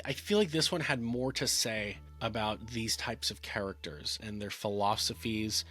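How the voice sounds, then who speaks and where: A man's voice: mid-range voice, fairly bright tone. A man giving a casual talking-head film review, rambling, with many fillers and restarts.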